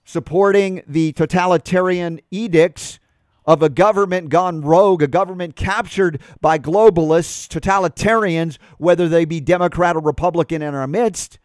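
A man's voice: a little high, normal speed, dry recording, clean studio sound. A man hosting a talk radio show, reading an article aloud and adding emphatic commentary.

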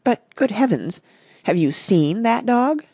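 A woman reading as an impulsive young gentleman. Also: fairly high pitch, sing-song, no echo, studio quality, pitched above the performer's own voice, heavily acted. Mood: incredulous. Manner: brisk, exclamatory, impatient.

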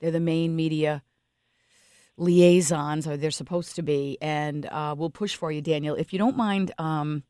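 A woman's voice: sits low, fairly even intonation, measured pace, dark tone, clean tone, dry recording, studio quality. A woman hosting a radio talk show, speaking sympathetically and emphatically, often restarting her sentences.

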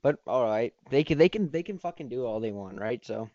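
A man's voice: medium pitch, lively intonation, fairly quick, dark tone, muffled recording. A man hosting a podcast, ranting in a heated, profane, rambling way. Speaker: podcast host. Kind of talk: casual podcast rant.

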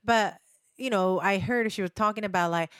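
A woman's voice: medium pitch, moderate pace, clear, resonant tone, dry recording. A young woman from Japan with a thick Japanese accent, chatting casually and filling her talk with "like" and "you know". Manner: chatty, lots of fillers, animated mimicking. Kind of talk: casual chat.

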